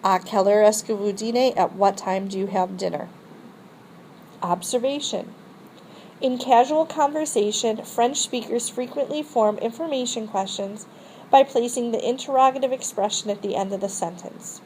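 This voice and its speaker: A woman's voice: on the high side, normal speed, a little mellow, a little hiss or hum, rough recording. A woman teacher explaining a French grammar lesson step by step and modeling phrases for students to repeat. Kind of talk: recorded classroom lesson.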